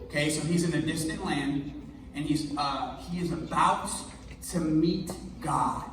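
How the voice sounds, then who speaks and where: A male pastor preaching a sermon in an energetic, conversational, jokey way, recorded in a church hall. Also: fairly high pitch, a little slow, noisy background. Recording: echoey hall, mic far off.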